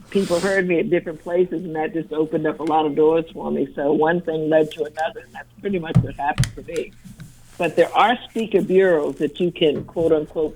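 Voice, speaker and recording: A woman in her sixties from Massachusetts, with a light Massachusetts accent, telling stories in a lively, easy manner and laughing often during an interview. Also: low voice, slight background noise, rough recording. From Brockton, Massachusetts. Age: 60s. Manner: upbeat, storytelling, laughs easily. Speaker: motivational speaker and former teacher. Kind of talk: casual interview answers.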